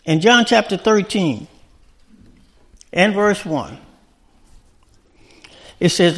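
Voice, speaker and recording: Man, high voice, preacher, sermon, conversational, rhetorical questions. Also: lively intonation, very slow, pauses often, a bit bright.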